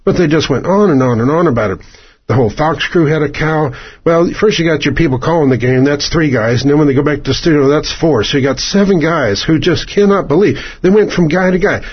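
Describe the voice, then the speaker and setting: A man's voice: on the high side, brisk, husky. A man delivering a rambling, sarcastic opinion monologue as a radio commentator, drifting between asides. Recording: dull lo-fi radio broadcast.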